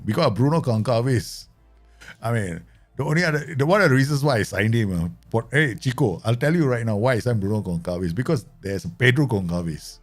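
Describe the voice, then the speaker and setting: A man's voice: mid-range voice, vocal fry. A man chatting casually through a live stream of a football management game, laughing often and making playful asides.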